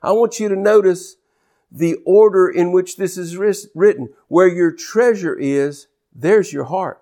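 A man's voice: high-pitched, measured pace, mellow. A man preaching a sermon, quoting scripture and calling out to his listeners to stay with him. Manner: exhorting, scripture-quoting, calls out to congregation.

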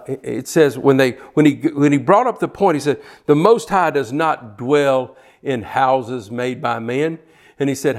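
A man preaching with fervent, driving intensity, pressing the same point again and again. His voice sits at an ordinary middle pitch, and he often trips over words and restarts mid-sentence. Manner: fervent, pushes hard, repeats himself. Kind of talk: sermon.

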